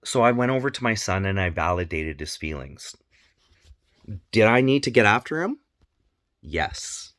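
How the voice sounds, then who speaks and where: A man's voice: fairly low pitch, big pitch swings, normal speed, long pauses, a bit bright, dry recording, clean studio sound. A man talking candidly as a parenting vlogger, earnest, repeating phrases for emphasis. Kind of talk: candid personal monologue.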